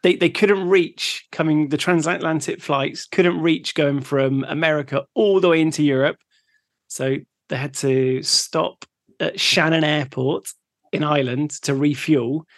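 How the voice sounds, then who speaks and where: Male podcast co-host from England, relaxed and chatty, slightly high voice. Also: measured pace, dry recording, clean studio sound. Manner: relaxed, laughs easily, recaps facts. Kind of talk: casual chat.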